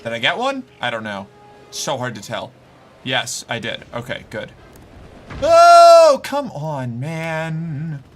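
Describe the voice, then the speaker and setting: Animated, jittery male game streamer. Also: medium pitch, a little slow, soft background music. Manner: anxious, swears, talks himself calm with repeated phrases. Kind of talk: gameplay commentary.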